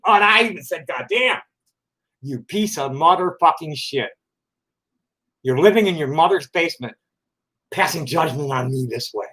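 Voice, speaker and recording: A man in his sixties with a notably high voice delivers a furious, expletive-laden rant straight to camera. He talks combatively at his critics, muttering one moment and shouting the next. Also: lively intonation, moderate pace, breathy edge. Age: 60s. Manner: combative, swears constantly, flares into shouting. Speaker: vlogger answering online critics. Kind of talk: angry profane rant to camera.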